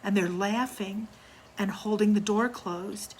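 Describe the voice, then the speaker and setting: An older woman telling a personal ghost story from her childhood, in a hushed, slow way that sometimes drops to near whispers. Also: medium pitch, a little hiss or hum, poor audio.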